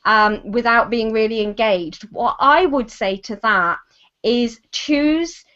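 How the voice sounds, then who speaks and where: A woman with a British accent hosting a video call, reading out viewer comments quickly with restarts and fillers. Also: fairly high pitch, sharp tone, lo-fi sound. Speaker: host.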